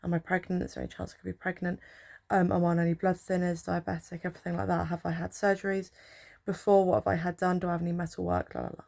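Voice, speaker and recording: Drowsy chatty woman, gravelly voice. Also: on the low side, flat delivery, fast, darkish tone. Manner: chatty, rambling, with filler words. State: drowsy from painkillers. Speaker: healthcare support worker. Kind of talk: casual storytelling vlog.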